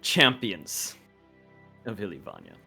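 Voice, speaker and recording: A man's voice: fairly low pitch, sing-song, slow pace, vocal fry, sharp tone, slightly rough, full character voice. A man voicing a demon warrior in humanoid form who talks in a sarcastic, mocking way. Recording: faint music behind.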